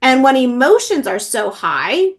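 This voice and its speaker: Earnest woman healer, fairly high voice. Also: big pitch swings, a little slow. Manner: earnest, many fillers. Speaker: emotional healing practitioner. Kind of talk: interview, personal story.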